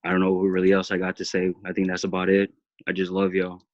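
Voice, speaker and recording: A man's voice: sits low, monotone, fast, no echo. A man on a group video call, sharing an emotional and earnest testimony, repeating himself as he speaks from the heart. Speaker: team member sharing his story. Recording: dull, dry video call audio.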